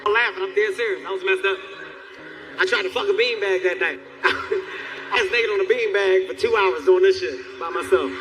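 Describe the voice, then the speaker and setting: A man doing profane, animated stand-up storytelling on stage, jumping into squealing character voices. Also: high voice, moderate pace, slight background noise. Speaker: stand-up comedian. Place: comedy stage.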